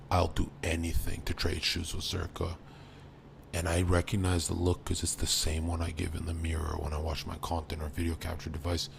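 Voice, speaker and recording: A young man with a low, gravelly voice runs a boastful, profane live stream rant. He swings from loud outbursts down to low mutters. A faint hiss sits underneath. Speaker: livestreamer.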